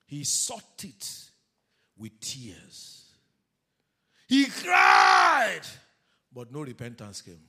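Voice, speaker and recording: A man preaching a sermon as pastor, animated, calling the congregation to read scripture aloud with him. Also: mid-range voice, takes it slowly, husky.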